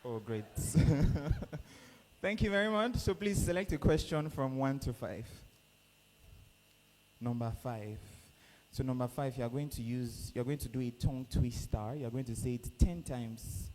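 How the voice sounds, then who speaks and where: A man's voice: medium pitch, measured pace. A man with a Nigerian accent hosting a live conference event, coaxing the crowd and running games. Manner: lively, coaxing crowd and players. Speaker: event host. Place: conference hall. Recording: echoey hall with faint noise.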